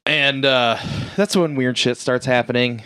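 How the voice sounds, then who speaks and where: A man's voice: mid-range voice, unhurried, pushed and bright, clean tone, no echo, studio quality. A man casually recapping a movie plot with a rambling, profane delivery full of "like" and "uh". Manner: rambling, lots of "like" and "uh" fillers.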